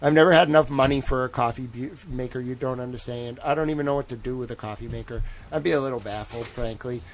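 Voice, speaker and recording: A man from Boston with a Boston accent, hosting a casual livestream chat in an excitable, rambling way, swearing freely. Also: mid-range voice, fast talker. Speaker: livestream host.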